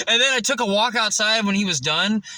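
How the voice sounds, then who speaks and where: Profane rambling man vlogging, high bright voice. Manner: profane, laughing often, rambling. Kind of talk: casual vlog monologue. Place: living in his car. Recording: distant from the mic, dry.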